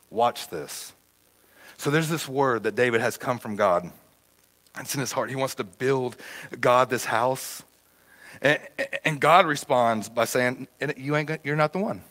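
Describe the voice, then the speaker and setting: A man preaching a sermon as a church pastor, stammering and repeating words as he gets fired up, swinging from hushed to loud. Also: mid-range voice.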